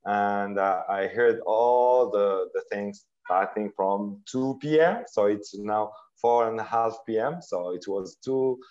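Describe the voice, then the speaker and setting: Halting man with an Algerian French accent. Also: lowish voice, a little mellow. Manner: halting, many fillers and repeated words. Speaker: incubator founder, workshop speaker. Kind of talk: casual online workshop talk. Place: office. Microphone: video call. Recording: dull lo-fi video call audio.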